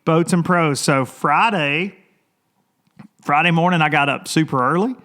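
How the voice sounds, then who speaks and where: Male podcast host, rambling casual monologue, fairly high voice, excitable and chatty. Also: unhurried. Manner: rambling and chatty, repeats phrases.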